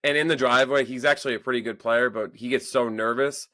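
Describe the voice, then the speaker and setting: A man's voice: mid-range voice, steady tone, quick pace, bright, forceful tone, no room sound. A man in his thirties co-hosting a podcast, telling exasperated stories about his son in a casual, swearing chat. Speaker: podcast co-host.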